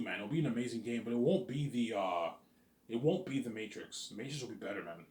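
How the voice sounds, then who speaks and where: A man rambling through a casual vlog, restarting sentences and dropping in fillers and curse words. His voice swings up and down with lively intonation. The room around him is roomy and echoing. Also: fairly low pitch, quick pace. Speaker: vlogger.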